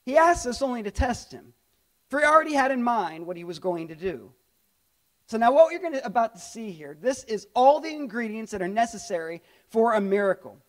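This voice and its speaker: A middle-aged male pastor preaching a lively sermon, often acting out the voices of people in the story. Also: very high voice, fairly quick.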